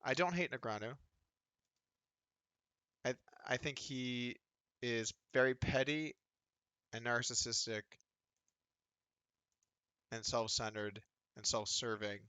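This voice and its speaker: A poker streamer in his thirties drifts through casual livestream talk while playing online poker, dry humor and mocking impressions of others woven into his rambling. He speaks slowly with long pauses, his medium-pitched voice clean, bright and a little tense, picked up close to the mic in a dry room without echo.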